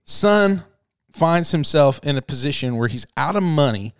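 A man's voice: a little high, normal speed, clear, resonant tone, no room sound, clean studio sound. A man co-hosting a podcast, retelling a parable in casual chat, acting out the voices and laughing often. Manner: animated storyteller, acts out voices, laughs often. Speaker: podcast co-host.

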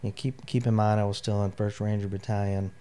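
A man's voice: on the low side, flat delivery, brisk, warm tone, slight background noise. A middle-aged man, an army veteran, telling his personal story in an interview, candid and emotional, with lots of "you know" fillers. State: near tears.

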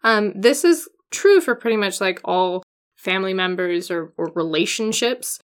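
A young woman co-hosting a casual podcast chat, talking with wry, deadpan asides. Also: medium pitch, normal speed. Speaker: podcast co-host.

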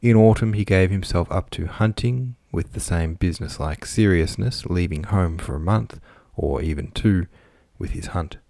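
A man with a deep, low voice narrates a classic novel in a measured, even manner. The recording is dry and close, with no room sound. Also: gravelly, dry recording. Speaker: audiobook narrator.

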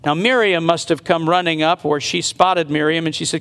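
Retelling a Bible story with earnest conviction, this male preacher speculates aloud about the events in his sermon. He speaks at a normal speed in a slightly high, steady, somewhat bright voice, captured with the long reverb of a large hall.

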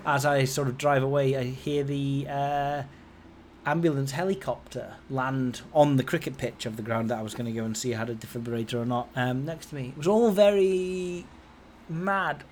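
A man's voice: moderate pace, slight background noise. Man in his forties telling a story. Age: 40s. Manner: rambling, conversational, lively swings in pitch and loudness. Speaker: podcast host. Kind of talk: casual storytelling.

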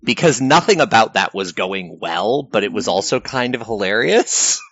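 A man chatting casually, recapping a live-action game as a lively storyteller who laughs often. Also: lowish voice, normal speed, dry recording. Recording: dull lo-fi recording.

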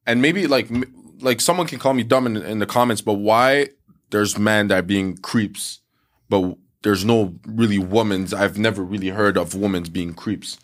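Animated man telling stories, filler-heavy. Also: on the low side, moderate pace. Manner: animated storyteller, acts out quotes, many "like" fillers. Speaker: podcast co-host. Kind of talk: casual podcast storytelling.

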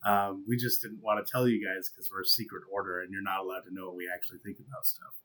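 A man's voice: low voice, flat delivery, fast, a bit bright, pitched below the performer's own voice, rough recording. An evasive spokesman for a secret order talks around every question in a mock-official tone, as a man on a podcast puts him on. He sounds like an ordinary adult man and never gives a straight answer. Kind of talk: casual podcast bit.

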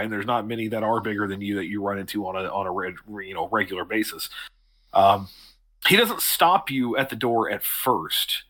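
A man runs a tabletop game, narrating scenes in a low, bright voice. He rambles through his descriptions, full of ums and restarts, in casual talk. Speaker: game master.

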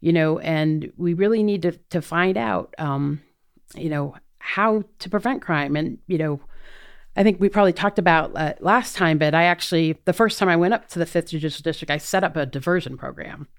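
Earnest middle-aged woman prosecutor, smooth voice. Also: low-pitched, normal speed. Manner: earnest, thinks aloud with many fillers. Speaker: prosecutor and DA candidate. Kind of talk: casual interview answers.

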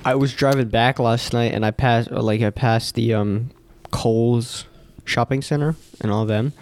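A man's voice: mid-range voice, steady tone, unhurried, darkish tone, dry recording. A man with a mid-range voice rambles a little and hesitates as he chats. His voice sounds close and dry. He comes across as a laid-back guest in the conversation. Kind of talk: casual chat.

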